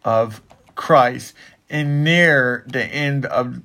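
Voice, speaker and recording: A man's voice: medium pitch, drawn-out words, creaky, sharp tone. A man who works in ministry, explaining a Bible passage in casual, rambling talk with frequent restarts. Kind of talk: casual Bible study chat.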